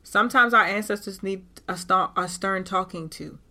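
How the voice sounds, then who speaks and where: A woman with hosts her podcast in a candid, animated way and curses freely. Her voice sounds bright and forward, with a middle pitch. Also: normal speed. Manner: animated and candid, with frequent cursing. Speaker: podcast host. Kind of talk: casual spiritual talk.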